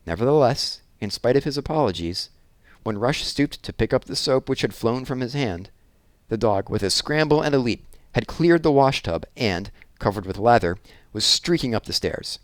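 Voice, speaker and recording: A man narrating a children's novel aloud in a measured, expressive reading. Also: mid-range voice, no echo. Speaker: audiobook reader. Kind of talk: storybook narration.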